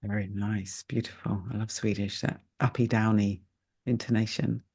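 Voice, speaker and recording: A woman's voice: very deep voice, fairly even intonation, moderate pace, a little mellow, breathy edge. A woman in her later years, a meditation teacher, chatting casually and laughing at herself while closing a live online session over a video call. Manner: chatty and self-deprecating, laughs easily.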